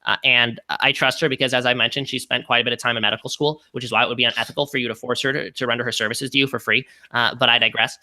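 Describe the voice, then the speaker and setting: A man doing a rapid, smug pundit. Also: medium pitch, steady tone, pushed and bright, voice pushed down. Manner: rapid, clipped, lawyerly argument. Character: rapid-fire smug male pundit impression.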